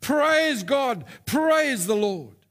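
A man voicing a devout little old woman who shouts her praise aloud. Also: on the high side, slow. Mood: joyful.

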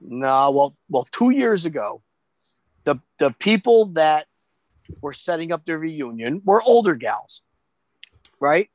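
A man telling a story in casual chat, animated and profane, acting out the voices of the people he quotes. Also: on the high side, slow pace, long pauses, no room sound.

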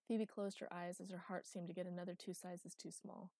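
A woman reading a fantasy story aloud in a calm, measured narration. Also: on the low side, no room sound. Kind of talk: audiobook narration.

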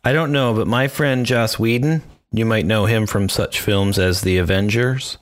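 A man's voice: lowish voice, normal speed. A man co-hosting a podcast, chatting casually with profane, jokey banter. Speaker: podcast co-host. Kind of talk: casual chat.

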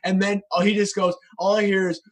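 A man telling a story in casual chat, profane and animated. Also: high-pitched, brisk.

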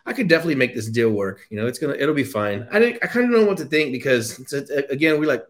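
Man, forties, podcast host, casual storytelling, animated, brisk. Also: medium pitch. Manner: animated, acts out dialogue. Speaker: podcast host, land investor.

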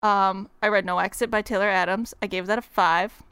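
A young woman co-hosting a podcast, chatting casually and excitedly about books she has read. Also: mid-range voice, smooth, dry recording. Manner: bubbly, chatty, quick laughs. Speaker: podcast co-host. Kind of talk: casual book chat.

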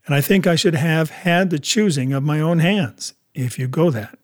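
A man's voice: fairly high pitch, moderate pace, natural voice. A man voicing a blunt, stern ship captain in an audiobook, speaking firmly and directly. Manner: firm, clipped and direct. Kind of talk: audiobook character reading.

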